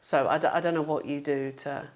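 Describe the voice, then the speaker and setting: Woman interviewer, slightly low voice, casual and encouraging, many short affirmations. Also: fairly even intonation, brisk. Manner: encouraging, frequent brief backchannel.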